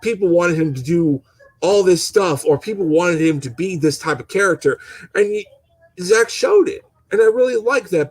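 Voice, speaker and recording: A man's voice: high voice, darkish tone, slightly rough, rough recording. Stuttering, fired-up young man ranting. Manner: passionate, rambling, stuttering restarts, swears. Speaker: gaming channel host. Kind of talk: casual opinion rant.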